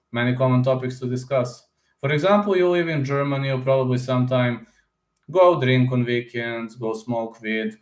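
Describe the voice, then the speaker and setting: Rambling man chatting in echoey room. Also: mid-range voice. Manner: rambling, informal, addresses listeners as "man". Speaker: YouTube channel host. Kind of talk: casual chat with viewers.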